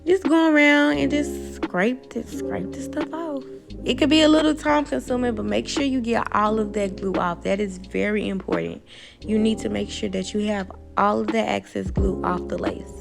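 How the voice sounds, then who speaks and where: A woman's voice: medium pitch, normal speed, creaky, over music, low-quality recording. A young woman chatting informally through a hair tutorial voice-over, using casual slang and talking straight to her viewers. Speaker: beauty vlogger.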